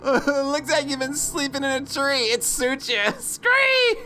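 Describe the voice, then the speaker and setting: A woman's voice: sits high, sing-song, slow, bright, forceful tone, slight background noise, pitched above the performer's own voice, full character voice. A woman voicing a mocking, catty older female bird coworker who screeches as she taunts. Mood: sneering.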